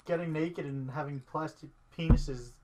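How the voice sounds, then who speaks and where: A man's voice: on the high side, moderate pace, heavy background noise. A man co-hosting a casual podcast, joking crudely and laughing often. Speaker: podcast co-host. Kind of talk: casual chat.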